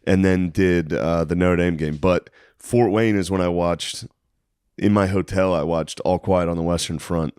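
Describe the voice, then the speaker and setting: A man's voice: sits low, steady tone, normal speed, a little mellow, smooth, no room sound, clean studio sound. A man who co-hosts a podcast and does stand-up, telling a profane story in casual chat, laughing often and acting out the people in it. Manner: profane, laughing, acts out people in his stories. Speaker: podcast co-host and stand-up comedian.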